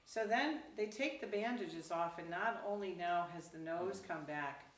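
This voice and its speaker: A woman Zen teacher giving a dharma talk, telling a story casually with lively acted quotes, recorded from a distance in a roomy hall. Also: fairly low pitch, unhurried. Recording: roomy, distant, faint background noise.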